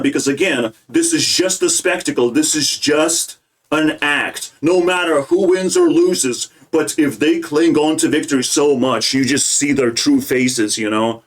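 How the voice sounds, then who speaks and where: Young guy ranting hard, swearing a lot, kinda high voice, fired up. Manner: profane, agitated, ranting. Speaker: political commentator. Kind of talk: ranting reaction commentary.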